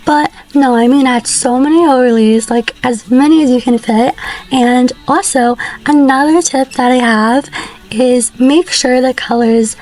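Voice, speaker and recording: A woman's voice: sits high, fairly even intonation, a little slow, darkish tone, low-quality recording. A woman giving a casual voice-over tutorial, chatty and rambling with apologetic asides, on a basic mic. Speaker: tutorial creator. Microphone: basic mic, not a proper one.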